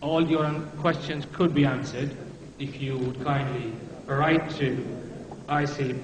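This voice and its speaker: A man's voice: mid-range voice, steady tone, a little slow. Man, event host, polite hesitant announcements, echoey noisy hall. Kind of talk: closing announcements. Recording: echoey hall with background noise.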